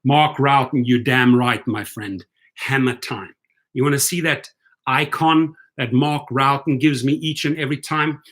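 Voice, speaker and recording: A man's voice: medium pitch, fairly even intonation, unhurried, fairly bright tone. A man hosting a rideshare commentary stream, sarcastic and heated as he reads and rants. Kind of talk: live-stream rant.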